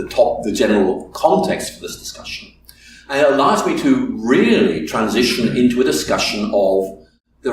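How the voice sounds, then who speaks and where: Emphatic male lecturer in an echoey hall. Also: medium pitch. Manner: emphatic, lays out numbered points. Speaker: guest lecturer. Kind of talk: academic lecture. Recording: echoey hall from far off with noise.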